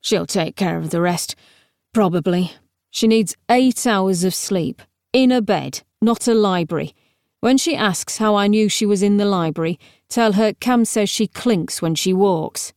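A woman's voice: mid-range voice, unhurried, darkish tone, no echo, lightly acted. A woman reads a young male necromancer scholar with a dry, clipped, matter-of-fact manner. His voice sits in a middle register and is recorded close and dry, with no room around it. It fits an audiobook. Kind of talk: audiobook character voice.

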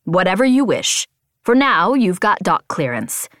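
A woman voicing a calm, courteous alien patrol pilot who speaks formally. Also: medium pitch, measured pace, dry recording, clean studio sound.

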